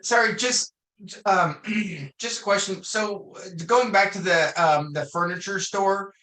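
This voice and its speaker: A man's voice: high-pitched, unhurried, pushed and bright, roomy sound, poor audio. A man in a sales class asking a question on a video call, hesitant and full of fillers. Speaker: class participant.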